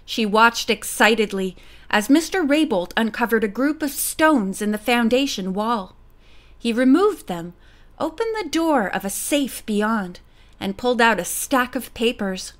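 Woman reading a kids mystery book out loud, kinda high voice, expressive. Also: a little slow. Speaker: audiobook narrator. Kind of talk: audiobook reading.

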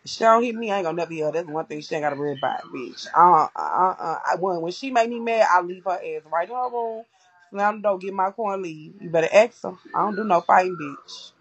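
A woman's voice: on the low side, fast talker, highs cut off. A woman talking bluntly and with a lot of swearing in a casual livestream chat, acting out the arguments she describes. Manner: blunt, profane, acts out quoted arguments.

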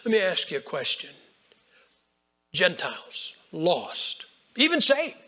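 An older man preaching a folksy storytelling sermon, swinging between hushed lines and loud bursts. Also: high-pitched, wildly swooping pitch, takes it slowly. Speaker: Baptist preacher.

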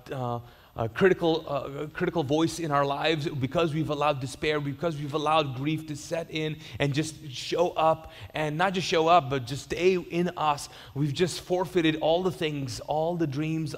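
A man preaching in a church hall with a long, ringing reverb. His voice sits a little high for a man. He tells his story in an animated way, acts out the other voices and jokes with the crowd. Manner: joking with the congregation. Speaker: pastor. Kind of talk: sermon.

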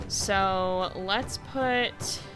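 A woman's voice: medium pitch, drawn-out words. A woman streaming a city-building game, thinking aloud in a chatty, self-correcting way as she plans roads and buildings. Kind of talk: casual gameplay commentary. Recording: game music underneath.

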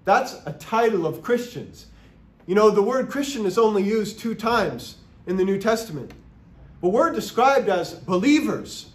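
A man's voice: very high-pitched, roomy sound. A man preaching a sermon as pastor, earnest and emphatic, asking his congregation rhetorical questions. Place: church sanctuary.

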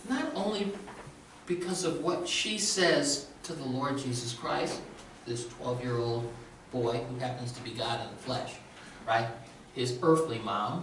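A man's voice: fairly high pitch, a bit bright, a little hiss or hum. A male pastor preaching a sermon in a conversational way with a sore throat, often checking in with the congregation. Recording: very echoey room, distant mic.

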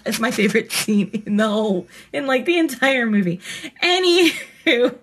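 A woman's voice: on the high side, animated, moderate pace, a bit bright. Chatty woman vlogger unboxing stickers. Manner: chatty and rambling, gushing over cute stickers. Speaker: planner vlogger and host. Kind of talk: casual unboxing chat. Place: home desk in front of a computer.

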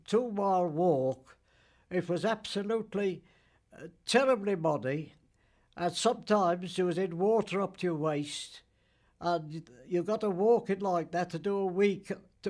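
Very old man, slow and halting. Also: sits high. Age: 90s. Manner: halting, plain-spoken storytelling with dialect grammar. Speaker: war veteran interviewee. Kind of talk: recollection interview.

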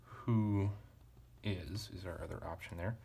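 A man teaching ancient Greek grammar at a relaxed pace, thinking aloud and correcting himself with casual asides. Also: low voice, unhurried, creaky, slightly rough. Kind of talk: relaxed verse-by-verse parsing lesson.

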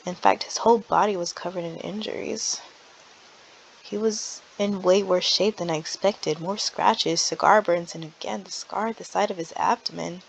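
Gravelly-voiced woman reading a game aloud. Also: medium pitch, moderate pace, slight background noise, low-quality recording. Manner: expressive, reacting to the story as she reads. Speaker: channel host voicing a visual novel. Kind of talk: first-person voiced-over game reading.

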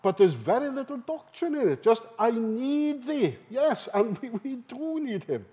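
A man giving a conference seminar talk. He is emphatic and lively and often turns questions to the audience. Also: very high voice, normal speed. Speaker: seminar speaker. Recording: live talk in a hall.

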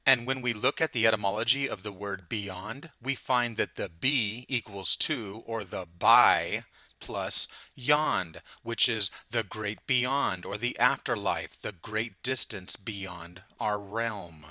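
A man giving a measured, lecturing monologue that explains where words come from. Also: on the low side, bright, forceful tone, no room sound. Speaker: channel host. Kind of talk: explanatory monologue on word origins. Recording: dull lo-fi recording.

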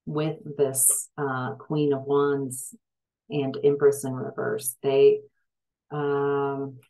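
Over a low-quality recording, a woman with a bass voice reads tarot, stretching out her words in a warm, level tone. Her delivery is halting, packed with fillers and restarts, though frustration sometimes makes her emphatic.

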